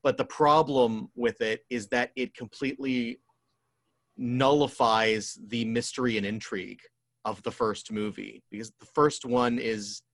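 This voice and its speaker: A man's voice: mid-range voice, a bit bright. A man co-hosting a podcast in casual chat, rambling and filling gaps with "um" and "like". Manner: rambling, full of "um" and "like". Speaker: podcast co-host. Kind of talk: casual chat about movies.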